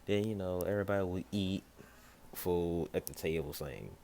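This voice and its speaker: Young man, very low voice, rambling fan-story teller, loose delivery with faint hiss behind. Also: normal speed, gravelly, mellow. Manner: rambling, loose with fillers and "yada yada"; acts out other characters in brief pitch jumps. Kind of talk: casual improvised fan story.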